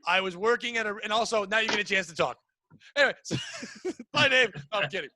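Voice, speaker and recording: A man's voice: sits high, fast, sharp tone, a little hiss or hum. A man in his forties hosting a podcast, telling comic stories in a casual, self-deprecating way and swearing freely. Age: 40s. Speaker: podcast host. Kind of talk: casual comedic storytelling.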